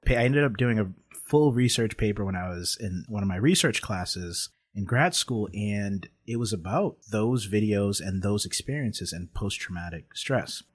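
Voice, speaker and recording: A man's voice: fairly low pitch, lively intonation, normal speed, few pauses, slightly rough. A man earnestly telling a personal story in a conversation, reflective and openly emotional at times.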